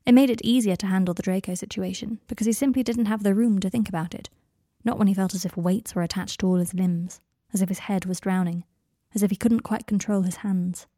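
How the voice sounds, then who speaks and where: A woman narrating a fan fiction audiobook with soft, expressive, intimate storytelling. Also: medium pitch, brisk, dry recording, studio quality.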